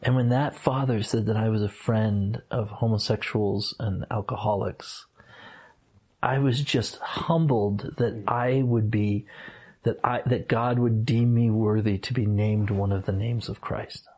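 A middle-aged former minister speaks earnestly and reflectively. He often stops and restarts his sentences. His voice is slightly husky. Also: fairly low pitch, fairly even intonation, a little mellow. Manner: earnest, halting with many restarts and fillers. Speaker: former minister, interview guest. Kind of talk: reflective personal storytelling.

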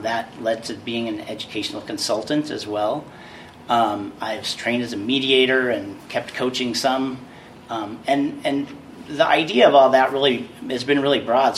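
A man's voice: medium pitch, a bit bright. Hesitant man speaking from across a room. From Montana. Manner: hesitant, many filler words. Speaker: political candidate. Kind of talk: candidate introduction speech. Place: community center meeting room. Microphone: no microphone, room sound. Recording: distant room recording, faint noise.

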